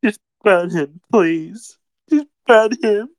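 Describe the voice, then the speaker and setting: A woman's voice: medium pitch, slow, a little mellow, no room sound. A young woman in a casual recorded reaction, pleading and swearing while breaking into laughter and near-tears, talking close to her own mic.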